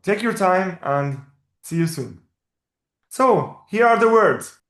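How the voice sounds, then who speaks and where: A man whose first language is Arabic, teaching a language lesson and patiently repeating each word slowly. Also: high-pitched, expressive, fairly bright tone. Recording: roomy echo.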